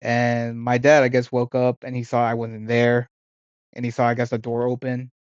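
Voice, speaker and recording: A young man in casual chat as a podcast co-host, telling a memory haltingly with many fillers. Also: medium pitch, completely flat delivery, smooth, dry recording. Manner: hesitant, full of fillers and restarts. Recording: dry, dull lo-fi sound.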